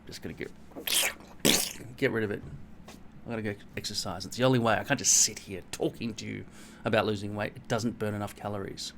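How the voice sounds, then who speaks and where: A man's voice: fairly low pitch, steady tone, brisk, creaky, long pauses, a little hiss or hum. A middle-aged Australian man vlogging at home in a rambling, blunt, self-mocking way, swearing freely. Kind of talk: casual rambling monologue to camera.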